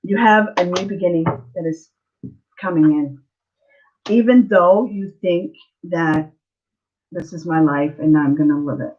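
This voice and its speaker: A woman's voice: lowish voice, a little slow, pauses often, lo-fi sound. A woman giving a live online tarot reading, earnest and emotional, often checking in with the listener. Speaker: tarot reader.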